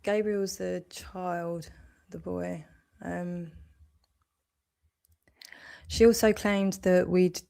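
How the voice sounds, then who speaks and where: Angry woman going off, swearing nonstop, mellow low-toned voice. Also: creaky. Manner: furious, swearing, rambling. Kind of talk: angry reaction rant.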